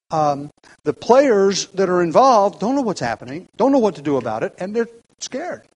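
A man leading an evening Bible study as pastor, teaching in a measured, reflective way with frequent restarts and fillers. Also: a little high.

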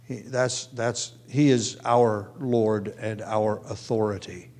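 A man teaching verse by verse through a Bible passage, halting often with ums and restarts, his voice sinking low at the ends of phrases. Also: steady tone, darkish tone.

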